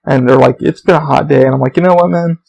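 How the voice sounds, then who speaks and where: A young man hosts a solo podcast in a slightly high, fast voice with vocal fry and a darkish tone, over a low-quality recording with a little hiss or hum. He rambles through stories full of swearing and fillers, acting out other people in raised voices.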